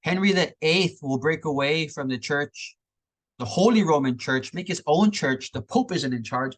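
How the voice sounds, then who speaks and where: A man's voice: fairly high pitch, normal speed. A man teaching a history lesson in a loose, conversational way, often checking in with "right?". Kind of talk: casual classroom lecture over slides.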